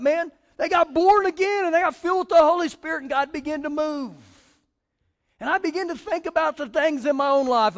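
A man preaching with a very high voice, his words ringing out with a long hall reverb. He tells stories as he goes, dropping low and quiet for quoted lines and climbing loud when he presses a point. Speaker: pastor. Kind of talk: sermon.

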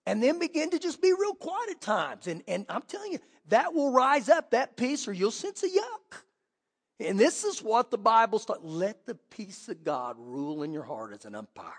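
High-voiced pastor in a reverberant hall. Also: male voice, very animated, moderate pace, slightly rough. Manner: dramatic storytelling, swings from hushed to loud. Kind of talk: sermon with personal story.

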